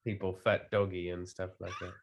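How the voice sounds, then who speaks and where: A man's voice: low-pitched, level tone, brisk. A man co-hosting a podcast, chatting casually and dropping dry, wry one-liners. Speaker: podcast co-host.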